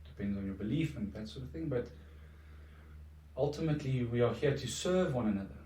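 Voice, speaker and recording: A man's voice: mid-range voice, expressive, a little fast, dark tone, a little hiss or hum. A middle-aged man, a podcast guest talking in a reflective, earnest way with frequent restarts. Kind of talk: casual conversation. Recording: echoey room, distant from mic.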